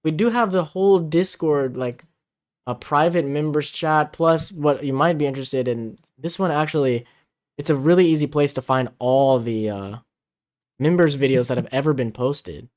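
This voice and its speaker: A man co-hosts a casual livestream from his home in the Philippines, chatting and reading viewer comments out loud. His voice is a little high and darkish at a normal speed, picked up by an out-of-frame camera-mounted mic.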